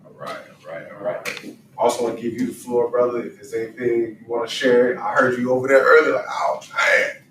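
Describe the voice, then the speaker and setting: A man leads a youth group of young men in a preaching, emphatic motivational talk with call-and-response. His mid-range voice has fairly even intonation and moves a little fast. A distant mic catches him from across a roomy, echoey space with a faint hiss underneath.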